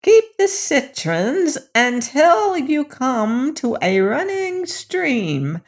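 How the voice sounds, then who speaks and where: A mysterious old crone of the woods, voiced by a storybook reader, speaks in a high, strained tone. Her words come slow and deliberate, with a strange, far-off timbre unlike the reader's usual voice. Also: sing-song, full character voice. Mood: instructing. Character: old female forest crone, helpful and mysterious. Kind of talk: storybook reading.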